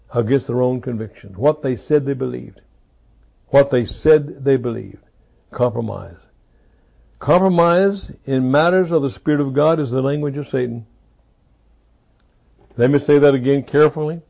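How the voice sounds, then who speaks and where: A man preaching a sermon, repeating key phrases for emphasis and swinging between loud rises and low, quiet drops. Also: a little slow, creaky, pauses often.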